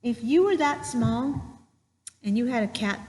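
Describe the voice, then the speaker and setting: Woman teacher, unhurried storytelling lesson for kids, gentle and patient, echo in the room. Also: fairly high pitch, expressive. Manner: gentle and patient, talks while drawing.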